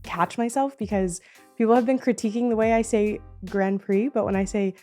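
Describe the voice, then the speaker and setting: A woman hosting a podcast in casual chat, bubbly and laughing often with quick asides. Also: mid-range voice, fairly even intonation, darkish tone, faint music behind. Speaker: podcast host.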